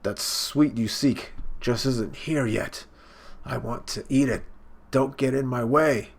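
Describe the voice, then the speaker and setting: A man reading comic dialogue aloud, voicing a giant gluttonous old woman pirate queen who shouts demands and stretches her words. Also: medium pitch, slow, vocal fry. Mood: menacing.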